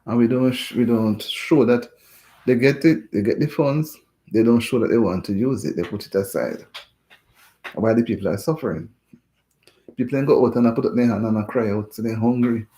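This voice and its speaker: A man's voice: medium pitch, normal speed, dark tone. A man hosting a casual livestream chat, talking in a rambling, indignant way and repeating himself.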